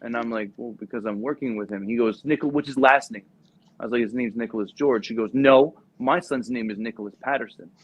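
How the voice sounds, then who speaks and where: Over dull lo-fi podcast audio, a young adult man who used to recruit for the Marines tells a casual, profane tale, animatedly imitating the people he quotes. His mid-range voice moves quickly with few pauses.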